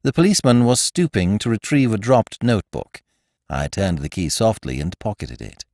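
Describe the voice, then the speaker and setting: A man and podcast host reading a classic comic story aloud in first person, with wry, expressive storytelling. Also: lowish voice, moderate pace, dry recording, clean studio sound. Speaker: audiobook narrator and podcast host. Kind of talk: scripted storybook narration.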